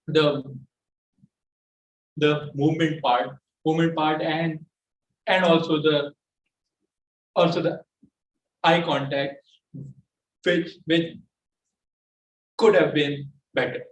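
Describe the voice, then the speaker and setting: Halting man giving speech feedback, echoey. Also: fairly high pitch, fairly even intonation. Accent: Pakistani English. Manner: halting, repeats words often. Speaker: speech evaluator. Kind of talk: giving spoken feedback at a club meeting. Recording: echoey room from far off, faint noise.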